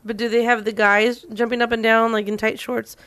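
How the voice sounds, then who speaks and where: Female co-host, slightly high pitch, playful, rambling, filler-heavy casual talk. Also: flat delivery, fairly quick, fairly bright tone. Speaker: podcast co-host. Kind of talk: casual chat.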